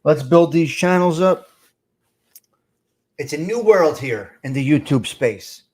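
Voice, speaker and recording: A middle-aged man hosts a live stream in a blunt, streetwise way. His voice sits a little high for a man. He talks straight to his chat as if they were at the table with him. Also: lively intonation, slow, darkish tone. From North Jersey. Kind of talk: casual live chat reading comments.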